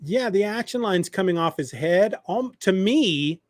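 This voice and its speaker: A man co-hosting a podcast, retelling comic stories in a lively, animated way. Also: sits high, a little slow, dry recording, studio quality. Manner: animated retelling, acting out quoted lines. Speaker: podcast co-host. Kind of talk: casual chat about comics.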